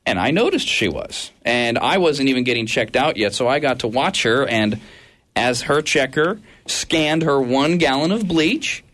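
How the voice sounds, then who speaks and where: A male radio host tells a story on air, his pitch swinging widely as he talks. He sounds animated and incredulous. His voice sits in an ordinary middle register. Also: measured pace. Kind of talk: storytelling on a talk show.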